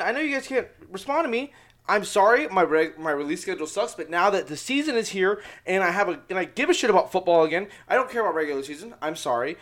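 Young man, high voice, podcast host, hyped, loud, swears a lot, casual rambling chat. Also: animated, fast talker.

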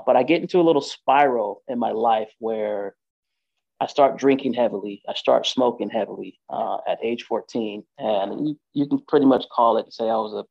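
Male storyteller, gravelly and rough at the edges, casual and rambling, dull lo-fi recording. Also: medium pitch, a little mellow. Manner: loose and conversational, with frequent fillers and "right?" checks.

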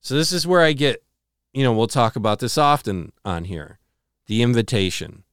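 A man co-hosting a podcast, retelling a story earnestly with halting restarts and a hushed, slowed delivery on dramatic moments. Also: big pitch swings, smooth, no echo, clean studio sound. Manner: slows and drops to a low hush on dramatic moments. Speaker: podcast co-host. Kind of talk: casual storytelling chat.

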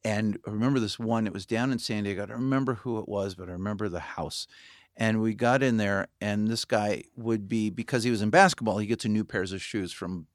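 A man's voice: lowish voice, a little fast, no room sound, studio quality. A middle-aged man, a cinematographer and filmmaker, telling stories in casual conversation, humming tunes and imitating people. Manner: lively anecdotes, hums tunes and imitates people.

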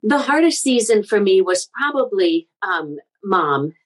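A middle-aged woman from the Midwest, a guest speaker sharing personal stories in an interview, earnest and animated. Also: mid-range voice, a little slow, rough recording. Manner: earnest, animated storyteller with frequent restarts. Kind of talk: conversational interview storytelling.

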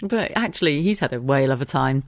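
A woman's voice: very deep voice, lively intonation, fast, dry recording, clean studio sound. A British woman in her thirties hosting a podcast, telling a story in a chatty way, swearing freely and laughing often. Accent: British English. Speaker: podcast host. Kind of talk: casual solo podcast storytelling.

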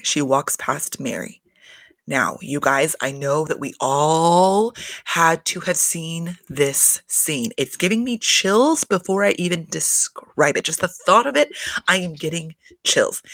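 Animated, foul-mouthed woman recapping reality TV. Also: deep voice, no echo. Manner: animated, profane, laughs often. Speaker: reality TV commentator. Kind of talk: casual recap chat.

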